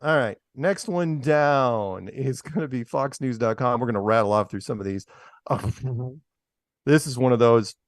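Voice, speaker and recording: At a measured pace, a mid-range-voiced man co-hosting a talk show reads news items and pokes fun at them with sarcastic asides. It's casual news-clip commentary, with a dry, studio-quality recording.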